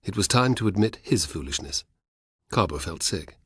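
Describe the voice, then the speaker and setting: A man reads a historical audiobook, telling the story in a steady way. His voice sits low and a little husky, and the recording is dry and close. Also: moderate pace, no echo. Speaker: audiobook narrator. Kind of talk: audiobook narration.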